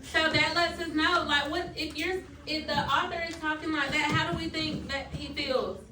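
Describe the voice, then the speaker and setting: A woman teaching a class of children, coaxing answers with questions, recorded from far off in an echoey classroom with loud noise. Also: high voice, steady tone, moderate pace.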